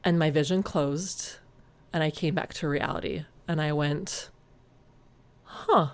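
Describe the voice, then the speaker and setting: A woman's voice: sits low, normal speed, clean tone. Podcast lady telling her own story, earnest and reflective, perks up now and then. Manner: reflective, earnest, animated when retelling. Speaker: podcast host. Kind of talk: personal storytelling monologue.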